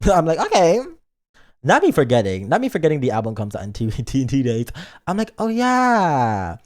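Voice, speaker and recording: A man's voice: medium pitch, big pitch swings, fast talker. A man streaming live and chatting casually, playful and dramatic, acting out his own thoughts aloud. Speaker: virtual streamer.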